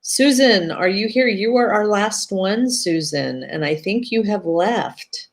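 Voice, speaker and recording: A woman's voice: mid-range voice, expressive, slow. A woman hosting a casual live video chat as a hypnotherapist, talking in a rambling, chatty way with many restarts. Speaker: host and hypnotherapist.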